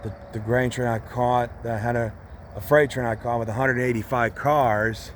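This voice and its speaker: A man filming trains trackside outdoors, talking casually and excitedly, repeating himself and calling out locomotive numbers. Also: medium pitch, moderate pace. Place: outdoors beside a railway line. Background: passing train, outdoor noise.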